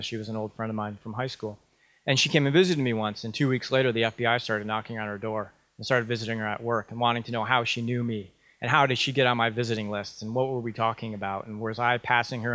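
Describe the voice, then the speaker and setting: A man's voice: medium pitch, a bit bright, dry recording. A man in his thirties giving a conference talk, telling a personal story conversationally with frequent ums and restarts. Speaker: conference speaker.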